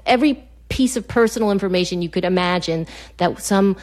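A woman telling a funny personal story, animated, acting out her own panicked remarks along the way. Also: lowish voice, fairly quick. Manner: animated, acts out her own quoted lines. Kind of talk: personal story told to an audience.

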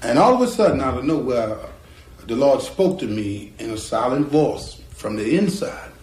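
A man, a guitarist telling a story from his childhood in a lively way and acting out the voices of people in it. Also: medium pitch, moderate pace. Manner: lively storyteller who acts out quoted voices. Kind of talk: spoken storytelling. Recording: roomy with faint guitar behind.

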